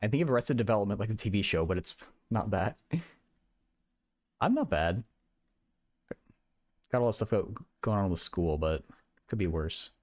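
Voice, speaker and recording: A young man talks casually to his livestream viewers while working through math problems. His voice sits low but swings up and down a lot. He stammers, repeats his words and chuckles now and then. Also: expressive, normal speed, pauses often.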